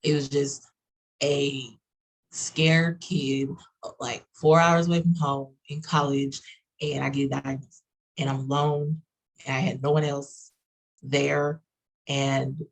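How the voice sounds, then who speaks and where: A woman with a Texas accent chatting on a roundtable video call, talking fast and rambling with many fillers. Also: low-pitched, rough recording. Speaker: roundtable panelist. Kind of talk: casual chat.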